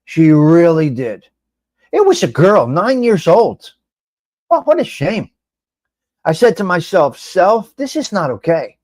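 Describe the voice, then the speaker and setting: A middle-aged man hosting a casual live-stream chat, rambling and animated, reading out viewers' names and swearing now and then. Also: a little high, slow, pauses often, no echo, studio quality. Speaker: live show host.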